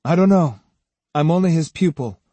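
A man's voice: fairly high pitch, moderate pace, mellow, slightly rough, no echo, pitched above the performer's own voice. A man voicing an earnest, loyal young boy who is a sword pupil, speaking bluntly. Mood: curious, blunt. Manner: blunt, proud, plain-spoken.

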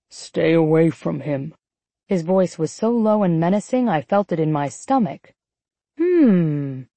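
A woman narrating a first-person romance audiobook in an expressive, sardonic inner voice, also voicing the heroine's lines. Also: mid-range voice, no echo.

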